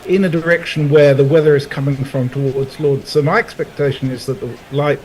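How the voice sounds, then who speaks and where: A man commentating on cricket, speaking in a measured, slightly hesitant way. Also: on the high side, fairly even intonation, a little mellow, low-quality recording. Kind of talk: casual cricket commentary chat.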